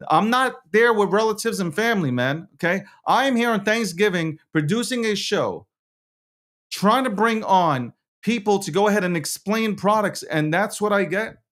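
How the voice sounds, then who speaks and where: A man's voice: sits high, animated, normal speed, fairly bright tone. A man hosting and producing a live show, talking in a heated, repetitive way with heavy swearing.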